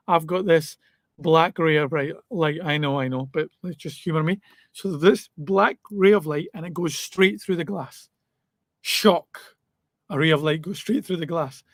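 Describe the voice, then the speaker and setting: Guy teaching physics online, kinda high voice, dry close sound, jokey and chatty. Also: no room sound. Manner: chatty, jokey, asides to students. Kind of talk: live online exam lesson.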